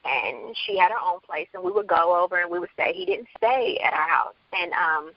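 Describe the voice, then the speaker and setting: A woman's voice: fairly low pitch, huge pitch swings, moderate pace, creaky, dry recording, muffled recording. A woman from the Bronx, an author guest, telling her story candidly in an interview and acting out quoted dialogue. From Bronx, New York.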